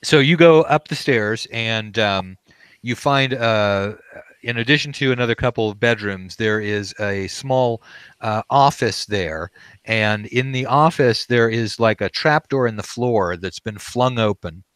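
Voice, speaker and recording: A man's voice: lowish voice, a little slow, a bit bright, smooth, dry recording. A man narrating as game master, describing scenes in a loose, conversational way.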